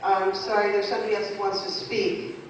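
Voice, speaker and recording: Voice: mid-range voice, flat delivery, fairly quick. Moderator in a reverberant hall. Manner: apologetic, careful, restating speakers. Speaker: meeting moderator. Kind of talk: chairing a town meeting. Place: large hall, town meeting. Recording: dull distant sound, long hall reverb.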